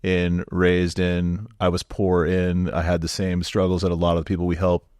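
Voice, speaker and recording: Deep-voiced man, relaxed storyteller. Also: moderate pace, smooth, dry recording, studio quality. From Southern California. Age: 40s. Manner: relaxed storytelling, lots of fillers. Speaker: guest, nonprofit executive director. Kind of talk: podcast conversation.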